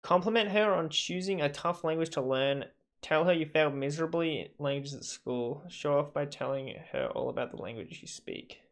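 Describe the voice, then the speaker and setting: A man's voice: a little high, moderate pace. A man streaming a video game live, reading the dialogue options aloud and joking about them. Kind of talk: live gameplay commentary.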